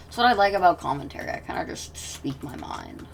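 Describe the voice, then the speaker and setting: Woman gamer commentating casually; low, gravelly voice that wanders and trails into mutters, recorded a bit far from the mic. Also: big pitch swings, quick pace, hardly any pauses, a little hiss or hum. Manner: rambling, self-interrupting, drops to soft mutters. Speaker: gaming commentator.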